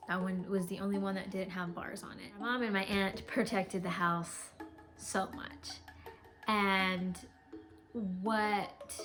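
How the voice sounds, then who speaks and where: A young woman casually telling a spooky family story, rambling with lots of fillers. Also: medium pitch. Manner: rambling, filler-heavy, animated. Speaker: co-host.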